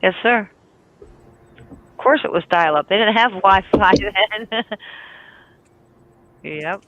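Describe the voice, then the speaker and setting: A middle-aged woman with a raspy, warm voice, hosting a casual group voice chat and laughing often. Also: medium pitch, slow pace, a little hiss or hum. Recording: tinny phone-like line.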